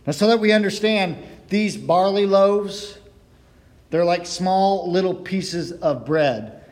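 A man preaching a sermon from the pulpit, excitable and storytelling, his words sometimes running together when he gets fired up. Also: sits high, slow. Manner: storytelling with playful voiced quotes. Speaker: pastor. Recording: long hall reverb.

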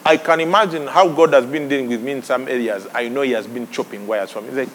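A man preaching a sermon, animated, breaking into sudden high exclamations and laughs. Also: fast, hardly any pauses, soft background music. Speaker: pastor. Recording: long hall reverb with faint ambience.

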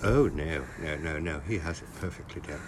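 A man putting on a pompous English gentleman with an English accent and a lowered, measured manner. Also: husky. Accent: English, put on.

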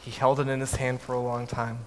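A man telling a family story to an audience in a measured way, with his voice dropping softly at the ends of lines. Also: medium pitch, completely flat delivery. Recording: echoey hall, faint background noise.

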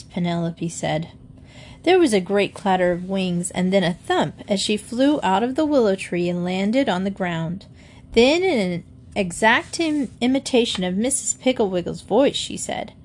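A woman reading a children's book aloud with expressive storytelling. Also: mid-range voice, a little slow. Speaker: reader.

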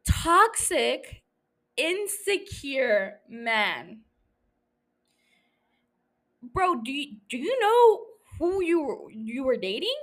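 A woman's voice: high-pitched, a bit bright. A young woman hosting her own podcast, chatting casually in a rambling, self-mocking way, swearing often and laughing. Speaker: podcast host. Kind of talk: casual solo podcast chat.

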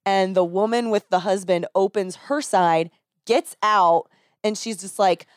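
A young woman who drives for a rideshare service tells a story in casual chat, animatedly acting out the people in it and laughing through their quoted voices. Her medium-pitched voice is unhurried, with studio-quality sound and no room sound.

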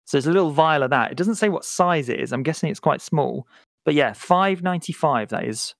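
A man's voice: a little high, expressive, brisk, vocal fry, no room sound. A man from the UK co-hosting a casual podcast, playful and tripping over hard words. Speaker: podcast co-host. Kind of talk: casual chat.

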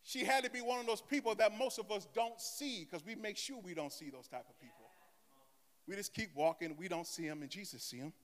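A male pastor preaching a sermon dramatically, swinging between soft asides and loud cries and calling on the congregation to answer. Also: high voice, fairly quick, in a large hall. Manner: call-and-response with the congregation.

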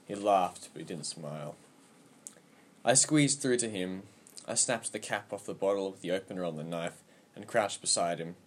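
A man with a fairly low voice reads a story aloud in a steady, even manner. His narration stays calm and measured from line to line, and he keeps the telling plain and clear. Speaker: audiobook narrator. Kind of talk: scripted narration.

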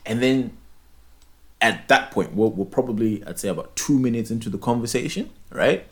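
A man's voice: lowish voice, lively intonation, normal speed. A young Zimbabwean man whose first language is Ndebele, telling a story in casual chat and acting out both sides of a phone call.

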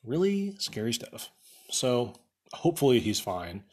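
A man's voice: medium pitch, big pitch swings, measured pace, a little mellow, breathy edge. A young man host telling rambling stories in a casual podcast chat, saying "like" a lot and laughing at his own jokes. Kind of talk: casual storytelling rant.

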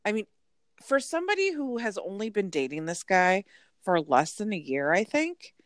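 A woman co-hosting a casual chat, animated and storytelling, full of "like" asides. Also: medium pitch, moderate pace, no room sound, studio quality. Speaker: podcast co-host. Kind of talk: casual chat recapping a reality show.

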